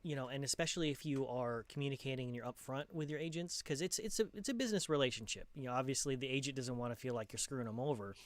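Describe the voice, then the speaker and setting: A man's voice: medium pitch, fast talker, hardly any pauses. A man hosting a casual podcast interview, easygoing, with frequent short backchannels and reading out viewer questions. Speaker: podcast host.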